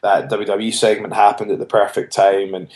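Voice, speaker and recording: A man's voice: fairly low pitch, little pitch movement, a little fast, darkish tone. A man, a wrestler being interviewed, telling his story earnestly and often restarting his phrases. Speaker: wrestler guest. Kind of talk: casual interview chat. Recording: roomy echo.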